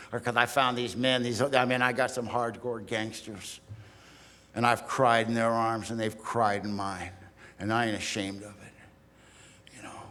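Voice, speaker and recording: A man's voice: on the low side, a bit bright. A man in his sixties from Southern California, telling his recovery story at a meeting in a blunt, streetwise, self-mocking way. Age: 60s. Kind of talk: sharing a personal story from a podium. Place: large hall. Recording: archival recording in a long-reverb hall.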